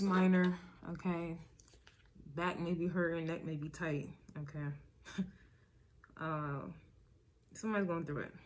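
A tarot reader with a lowish, darkish voice gives her viewers a casual reading, with a little hiss or hum in the audio. She is emphatic and repetitive, often checking in with "all right?" and "okay?"

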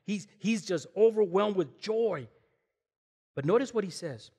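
A man with a high-pitched voice preaching a sermon in a church, his words trailing off into a long hall reverb. He is animated and emphatic, firing rhetorical questions at the congregation and dropping in casual slang along the way. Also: measured pace, breathy edge. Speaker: guest pastor. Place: church sanctuary.

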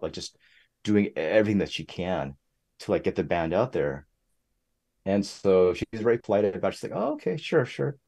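A young man talking as a podcast guest in a casual, animated way. He jumps up in pitch whenever he quotes other people. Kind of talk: casual interview chat.

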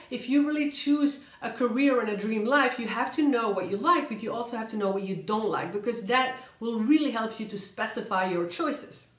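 A woman with a fairly high voice gives motivational career advice in a vlog. She talks in quick, emphatic bursts, repeats words for emphasis and slows down on key points. The recording carries a noticeable room echo. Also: fairly bright tone. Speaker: career coach and vlogger. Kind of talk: motivational vlog talk to camera.

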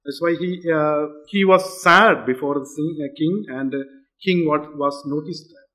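A man preaching a sermon in a church, halting with frequent fillers and restarts. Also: on the high side, sharp tone. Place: church hall.

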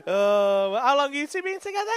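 Brash, sweary high-voiced male comedian. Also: sing-song, moderate pace, fairly bright tone, dry recording. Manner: brash, sweary banter with the audience. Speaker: stand-up comedian. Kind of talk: crowd work stand-up. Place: comedy club stage.

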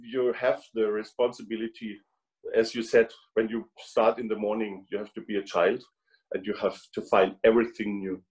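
A man's voice: fairly low pitch, little pitch movement, moderate pace, darkish tone, rough recording. A German man, a trumpet player speaking English as a second language, chatting on a video call and often repeating words as he searches for them. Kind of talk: casual video call chat.

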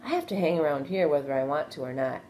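A woman's voice: animated, fast, warm tone, slight background noise. A woman voicing a young, anxious and eager male pig in a read-aloud storybook, earnest and pleading. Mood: wistful. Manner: earnest, pleading, higher than her narration.

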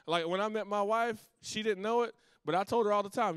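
A middle-aged man preaching a sermon as pastor, telling a story with lively restarts and asides to the congregation. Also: high-pitched, a little fast, smooth, dry recording.

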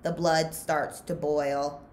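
A woman's voice: deep voice, little pitch movement, slow, a little hiss or hum. A woman voicing a cocky teenage boy leader who talks breezily and persuasively, in a storybook reading. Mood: smooth-talking.

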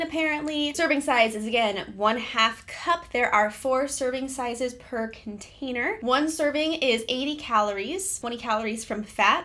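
A woman's voice: fairly high pitch, a bit bright. A young adult woman, a fitness vlogger, giving a chatty, upbeat product review and reading out nutrition facts.

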